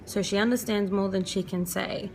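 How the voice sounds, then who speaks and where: Earnest young mum with gravelly edge. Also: female voice, medium pitch, steady tone, moderate pace, slight background noise. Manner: chatty, earnest, laughs often. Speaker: vlogger and mother. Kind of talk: casual parenting advice vlog.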